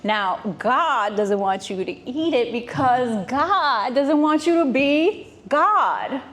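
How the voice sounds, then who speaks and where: A woman's voice: sits high, expressive, slow, fairly bright tone, exaggerated voice. A woman doing a sly, coaxing serpent. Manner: coaxing, slangy street talk. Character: sly tempting male serpent, smooth talker.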